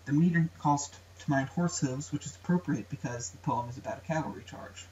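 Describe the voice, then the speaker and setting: A man's voice: on the high side, a little fast, darkish tone. A young man, a student presenter, narrates an educational video in a plain explanatory way, sometimes chanting rhythms aloud. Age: young adult. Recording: roomy, distant, dull amateur recording with faint hiss.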